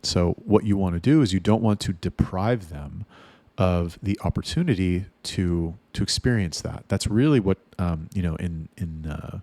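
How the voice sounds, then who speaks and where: Gravelly low-voiced blunt male sales coach. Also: normal speed, dark tone, no room sound. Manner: blunt and profane, rambling with restarts. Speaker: sales trainer for chat staff. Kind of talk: casual coaching monologue.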